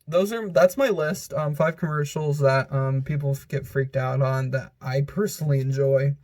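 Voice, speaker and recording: A vlogger with a somewhat high-pitched male voice rambles through a countdown, giggling often. His talk is loose and filled with filler words, with a casual, unscripted feel. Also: a little mellow.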